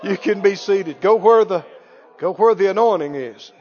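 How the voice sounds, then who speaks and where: A man preaching a sermon, exuberant, shouting praise and stretching words out for emphasis. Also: sits high, normal speed, lo-fi sound, background noise. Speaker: pastor. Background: congregation.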